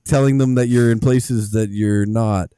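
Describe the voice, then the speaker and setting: A man's voice: mid-range voice, fairly even intonation, measured pace, warm tone, clean tone. A man co-hosting a movie podcast, joking around in casual chat and slipping into silly voices. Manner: jokey, puts on silly voices. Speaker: podcast co-host.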